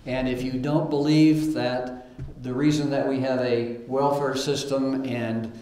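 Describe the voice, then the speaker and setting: A man's voice: medium pitch, flat delivery, unhurried, dark tone. A man preaching a sermon, reading scripture aloud between plain remarks, with fillers and repeated starts. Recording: roomy echo.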